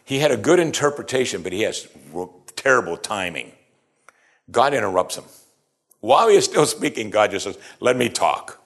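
Lively preaching man, low voice. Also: normal speed, gravelly. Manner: animated, acts out quoted lines with a raised voice. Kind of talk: sermon.

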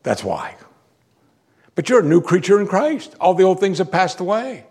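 A man preaching a sermon, moving between quiet, reflective asides and loud, emphatic declarations. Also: high-pitched, sing-song, normal speed, breathy edge. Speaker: pastor.

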